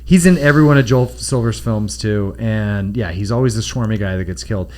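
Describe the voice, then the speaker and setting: A man's voice: on the low side, fairly quick, slight background noise. A man co-hosting a podcast, chatting casually about films and breaking into jokey mock voices of movie characters. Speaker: podcast co-host.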